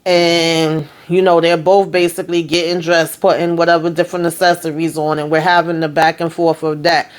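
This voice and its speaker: A chatty woman vlogger walks through a TV episode scene by scene, slipping into the characters' lines and tossing in sassy asides. Her voice sits fairly low, but it jumps up sharply when she reacts to the story. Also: level tone, moderate pace, hardly any pauses, clean tone. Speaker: TV recap vlogger. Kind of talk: casual episode recap.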